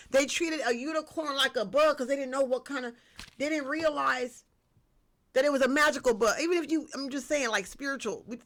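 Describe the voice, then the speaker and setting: A woman giving a casual spiritual tarot reading, lively and slangy, talking straight to her viewers. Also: high voice. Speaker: tarot reader.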